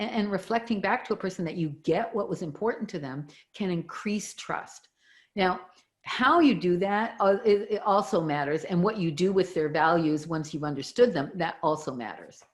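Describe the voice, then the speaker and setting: A middle-aged woman, a communication expert, explaining her ideas as a guest in an interview and walking through examples. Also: lowish voice. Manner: animated, teaching with examples.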